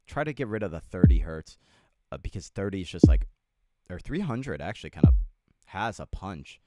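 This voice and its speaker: A man's voice: low voice, big pitch swings, moderate pace, dark tone, soft background music. A young man livestreaming a beat-making tutorial, chatting casually with his chat, joking and swearing a lot. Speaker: music producer livestreamer.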